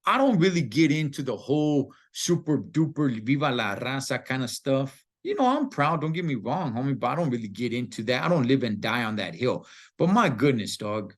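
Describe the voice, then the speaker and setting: A man's voice: medium pitch, sing-song, moderate pace. A man giving a casual, slangy movie review that turns into an emphatic pep talk.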